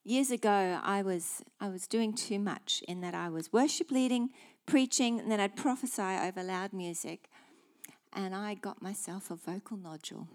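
A woman preaching a sermon in an emphatic, declarative way, dropping now and then to hushed asides. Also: mid-range voice, moderate pace.

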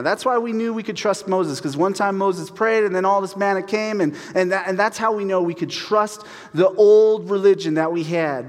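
A man preaching a casual sermon as pastor, animated and acting out voices in his stories. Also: high-pitched, moderate pace, hardly any pauses. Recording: long hall reverb.

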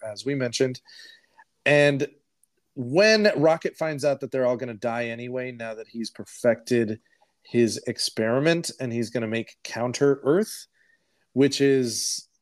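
A man co-hosting a podcast, recapping a film in a rambling, profane, animated way. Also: medium pitch. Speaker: podcast co-host. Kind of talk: casual movie review chat.

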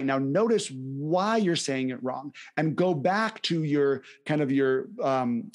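A man's voice: medium pitch, lively intonation, slow pace, few pauses. A young man co-hosting a podcast in casual chat, upbeat and enthusiastic, laughing often. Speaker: podcast co-host.

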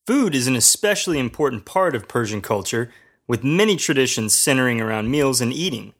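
A man's voice: mid-range voice, very animated, brisk. A man co-hosting a language lesson podcast as the learner, repeating new words back. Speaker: co-host, learner.

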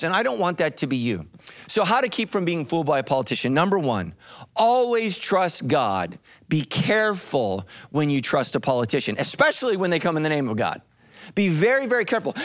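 Animated preacher, lively and emphatic. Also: male voice, a little high. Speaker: pastor. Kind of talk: sermon.

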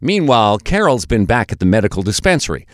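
Man narrating with a lively, dry voice. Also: lowish voice, quick pace, dry recording. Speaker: documentary narrator. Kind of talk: scripted narration.

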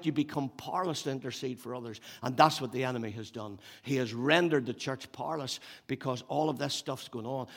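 Animated older preacher. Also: male voice, medium pitch. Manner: animated, repeats phrases for emphasis. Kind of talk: sermon.

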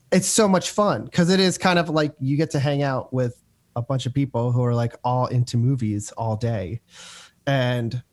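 A man with a Philadelphia accent chatting casually as a co-host, relaxed and quick to laugh. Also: medium pitch. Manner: relaxed, laughs easily, loose swearing. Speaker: podcast co-host and sound recordist. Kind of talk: casual chat.

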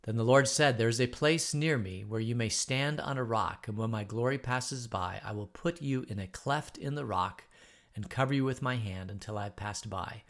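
A man with a gravelly, mid-pitched voice leads a Bible study. He reads scripture aloud and explains it in a loose, informal way, with frequent ums and self-corrections. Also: moderate pace, a bit bright. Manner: informal, hesitant, many ums. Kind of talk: casual Bible study teaching and prayer.

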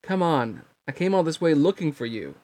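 Guy reading as earnest teen boy hero, pleading and protesting, kinda higher. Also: big pitch swings, moderate pace, darkish tone. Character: earnest spiky-haired teenage boy hero.

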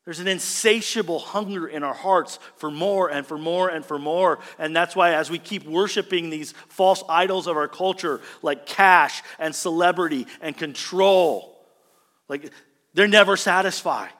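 Male pastor, somewhat high voice, conversational preaching style, echoing hall. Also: a little slow. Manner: animated, conversational, asks the congregation "right?". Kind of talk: sermon.

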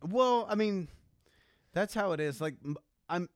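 A young man from Texas with a Texan accent, co-hosting a casual podcast, animated, joking and swearing freely. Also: high-pitched, moderate pace, smooth, no room sound, clean studio sound. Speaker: podcast co-host. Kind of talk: casual chat.

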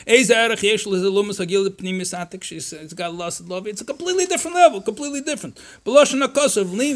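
A rabbi with a fairly high voice leads a Torah class in an animated, conversational way. He weaves Hebrew and Yiddish quotes into his English and voices imagined objections sarcastically.

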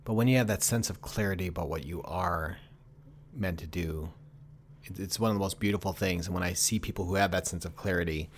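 A pastor with a fairly low voice, talking in a reflective conversation. He speaks earnestly, leaning on key words for emphasis as he shares personal experience. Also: brisk, slight background noise.

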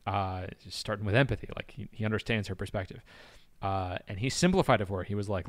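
A man hosts a podcast in easygoing chat, his voice sitting a little low. He talks loosely, with many fillers and laughs. The sound is dry and close. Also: quick pace, dry recording. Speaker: podcast host. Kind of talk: casual podcast chat, retelling a story.

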